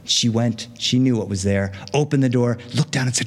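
A man telling a fairy tale live to an audience, animated and chatty with playful asides. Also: medium pitch, a little fast, hardly any pauses, in a large hall. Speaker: storyteller. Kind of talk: live oral storytelling.

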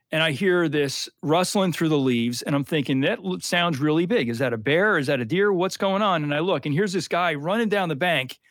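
A man's voice: a little high, dry recording. A man who guides freshwater snorkeling trips, explaining fish and streams in an enthusiastic interview voice with plenty of fillers. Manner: animated, explains with lots of fillers.

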